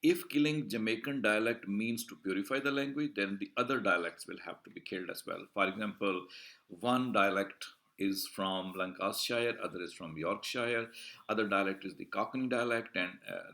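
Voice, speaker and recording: A male university lecturer explaining a poem in a recorded lecture, deliberate and repetitive, with frequent "uh" fillers and restarts. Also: low-pitched, sharp tone. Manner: deliberate, explanatory, repeats and rephrases points.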